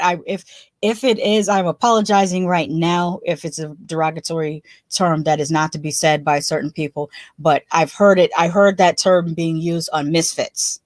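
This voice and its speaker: A woman's voice: on the low side, dry recording, clean studio sound. A woman hosting a casual live stream, chatting loosely, laughing often and restarting her sentences. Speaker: livestream host.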